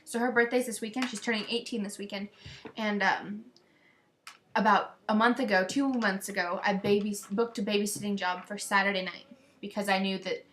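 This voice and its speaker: A woman's voice: mid-range voice, steady tone, moderate pace, a bit bright. Teenage girl, casual webcam chat; rambling, gossipy, venting to a friend. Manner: rambling, gossipy, quotes others in exasperated voices. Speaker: vlogger sending a video message to a friend. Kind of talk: casual chatty video message.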